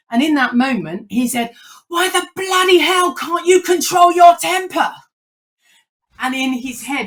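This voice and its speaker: Chatty animated woman. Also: mid-range voice. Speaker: panelist. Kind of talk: panel discussion.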